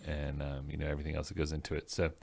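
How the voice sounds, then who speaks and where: A man, a brewery guest answering interview questions in a measured, steady way with frequent ums. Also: very deep voice, gravelly.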